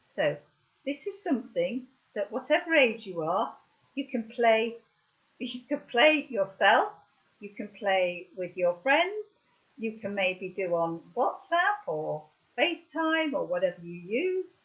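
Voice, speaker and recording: A woman's voice: on the high side, very animated, takes it slowly, fairly bright tone, muffled recording. A woman hosting an online craft session, chatting casually and rambling through her demonstration. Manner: chatty, rambling, often restarts. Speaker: craft workshop host. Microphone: video call webcam.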